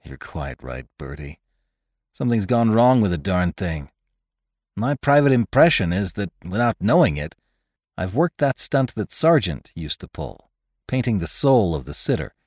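A man's voice: on the low side, sing-song, normal speed, a little mellow, no room sound, studio quality. A man doing an anxious young painter. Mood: worried. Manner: hesitant and worried.

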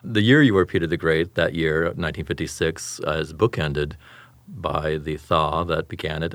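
A man hosting a podcast interview, asking measured questions and giving listeners background. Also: low-pitched, no echo. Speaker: podcast host.

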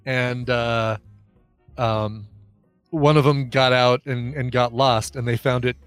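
A man co-hosting a podcast in relaxed, rambling casual chat, often pausing with ums and laughing along. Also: mid-range voice, smooth, no room sound, soft background music. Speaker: podcast co-host.

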